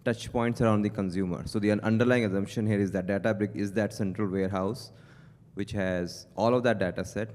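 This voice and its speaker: A low-voiced man in a conference audience works his way through a question. He hesitates and restarts as he thinks aloud, and the long reverb of a large hall trails after his words. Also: steady tone, brisk, a little mellow. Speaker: audience member asking a question.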